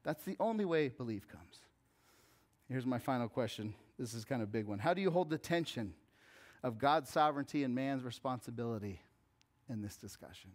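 A pastor preaching a conversational sermon that rises to fervent appeals. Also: male voice, mid-range voice, lively intonation, brisk.

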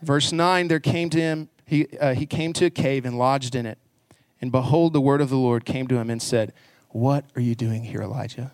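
A man's voice: mid-range voice, moderate pace, no room sound, clean studio sound. A man preaching a sermon in church. He speaks earnestly and conversationally, and he rises into emphatic passages. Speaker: pastor.

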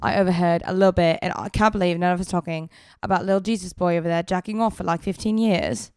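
A woman playing a rowdy, foul-mouthed British woman judge with a crude, loud manner in an improvised comedy podcast. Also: on the low side, steady tone, fast, clear, resonant tone, no room sound, clean studio sound, close to an everyday voice.

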